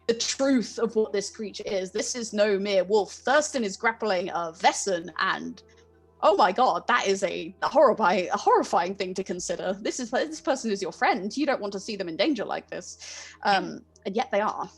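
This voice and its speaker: A young woman narrates as game master for a tabletop horror game, painting scenes in detail and pausing on frequent ums. Her pitch sits in an ordinary middle range. Soft music plays faintly behind her. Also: animated, breathy edge.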